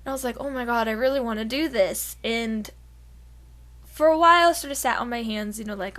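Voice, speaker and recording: A fairly high-voiced woman co-hosting a gaming podcast. She chats casually and giggles a lot. She talks in a lively, animated way and breaks into silly voices now and then. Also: brisk. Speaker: podcast co-host.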